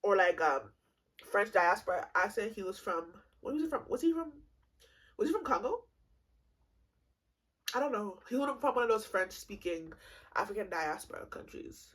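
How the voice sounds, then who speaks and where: A woman in her twenties telling a comedic storytime, animated and swearing freely, laughing often. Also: medium pitch, moderate pace, long pauses, slightly rough, rough recording. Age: 20s. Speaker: vlogger.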